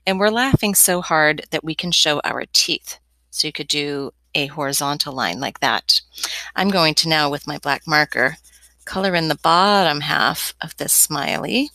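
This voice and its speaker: A woman's voice: sits low, normal speed, bright, forceful tone, no echo. A young woman teaching a step-by-step drawing lesson as an art teacher, chatty and encouraging with playful asides.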